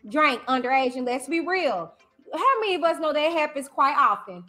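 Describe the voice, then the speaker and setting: A woman with a high, bright voice talks straight to her livestream viewers. She is emphatic and animated and keeps circling back to her phrases. Faint music plays behind her. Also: moderate pace. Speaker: YouTuber host. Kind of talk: livestream commentary.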